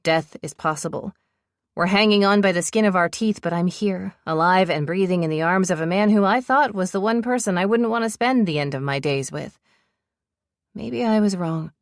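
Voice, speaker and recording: A woman's voice: on the low side, moderate pace, no echo, studio quality. A woman narrating a romance audiobook in first person, telling the story with breathless urgency.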